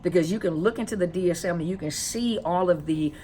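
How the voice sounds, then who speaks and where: Low-voiced woman explaining in casual talk. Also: fast talker, dark tone, slight background noise. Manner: conversational, with many rhetorical questions and repeated phrases; stalls with fillers while searching for words. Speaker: counselor and coach on narcissistic abuse. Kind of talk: casual educational talk to viewers.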